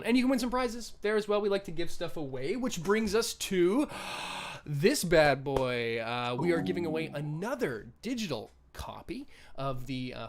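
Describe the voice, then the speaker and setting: A man's voice: high-pitched, slight background noise. A man hosting a tabletop game livestream, chatty with many fillers, speaking over a video call. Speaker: game master and host. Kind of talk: livestream host announcements.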